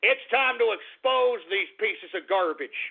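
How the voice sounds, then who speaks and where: Male radio host, cursing angry rant that swings from mutters to shouts; higher voice, phone-thin audio. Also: animated, a little slow, gravelly, narrow, tinny audio.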